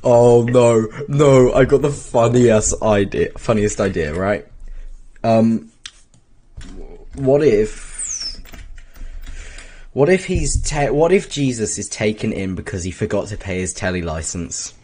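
Guy joking around on a cheap mic, very lively pitch, drifts off and mumbles. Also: slow pace. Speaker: podcast co-host. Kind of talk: casual chat. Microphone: cheap home mic.

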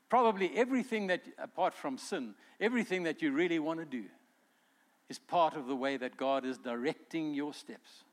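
A male pastor preaching a sermon in an earnest way, acting out quotes as he goes. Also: fairly high pitch.

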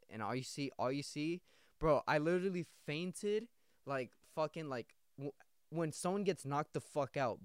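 A man's voice: a little high, smooth, dry recording, studio quality. A young man hosting a podcast, telling a story in a rambling, slangy, profane way, full of restarts. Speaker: podcast host. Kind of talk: casual storytelling.

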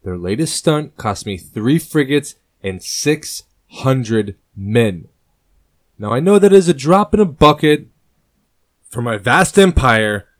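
Man as a furious royal in grief, booming commands, dry close recording. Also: a little mellow, no room sound, close to an everyday voice. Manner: booming, rising into anger. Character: grieving, furious male king, commanding.

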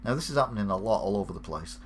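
A man's voice: fairly low pitch, lively intonation, rapid-fire, slight background noise. A man with a British accent hosts a weekly live show, reading odd news stories and adding sarcastic, wry asides. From United Kingdom. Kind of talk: offbeat news commentary.

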